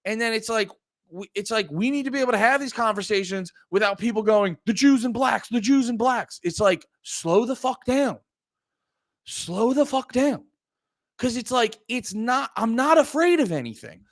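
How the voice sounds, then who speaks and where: This male comedian from Pennsylvania addresses his livestream chat in a heated, profane, meandering manner. His voice is extremely high-pitched and slightly bright. Studio quality, with no room sound.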